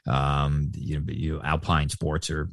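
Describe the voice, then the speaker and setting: A middle-aged man with a Canadian accent and a very deep voice talks in a loose, rambling way, full of fillers and restarts. His voice sounds dry and close to the mic. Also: level tone, slow, dry recording. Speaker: sportscaster guest. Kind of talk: casual interview chat.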